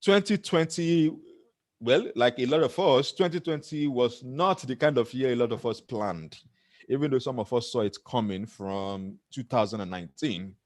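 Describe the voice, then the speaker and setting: A middle-aged Nigerian-accented man delivering an earnest motivational talk, breaking into self-mocking laughter along the way. His voice sits at an ordinary male pitch and is recorded close and dry. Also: normal speed, darkish tone, no room sound. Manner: earnest, laughs often at himself. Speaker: motivational speaker.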